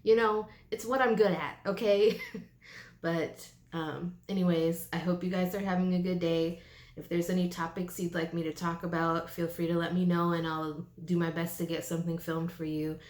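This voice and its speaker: A young woman talking to camera in a personal vlog, teary and halting, with many pauses and fillers. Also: lowish voice, level tone, darkish tone. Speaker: vlogger. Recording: echoey room, faint ambient noise.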